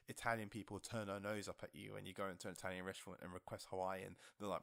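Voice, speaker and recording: A man co-hosts a casual podcast and pushes his point with swearing and repetition. His voice has a gravelly edge, recorded dry and close. He sounds pushy and worked up. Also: fairly low pitch, fast talker, a bit bright, no room sound. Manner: swears often, repeats himself, insistent. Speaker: podcast co-host. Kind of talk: heated casual argument.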